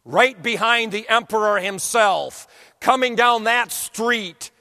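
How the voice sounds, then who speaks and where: A man preaching, telling a vivid story that swings from hushed murmurs to loud declamation. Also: high-pitched, slow. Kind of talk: dramatic sermon storytelling.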